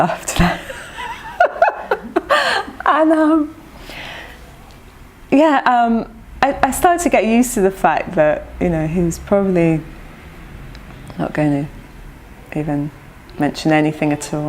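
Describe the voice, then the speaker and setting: Lower-voiced woman telling old memories. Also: slight background noise. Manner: lively anecdotal recounting with frequent laughter. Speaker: devotee sharing memories of her teacher. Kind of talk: personal storytelling.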